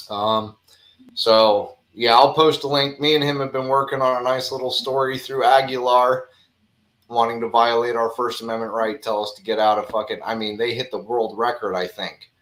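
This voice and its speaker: A man's voice: mid-range voice, a bit bright. A man hosting a casual livestream chat, rambling with lots of filler words and chuckles. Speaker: livestream host. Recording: roomy echo.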